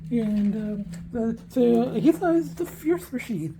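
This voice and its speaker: A man's voice: very high-pitched, animated, takes it slowly, creaky, dark tone. Rambling, ranting man on a phone vlog. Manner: rambling, ranting, swears freely. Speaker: vlogger. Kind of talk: casual rambling vlog monologue. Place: outdoors walking, then at home. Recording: noisy outdoor phone recording.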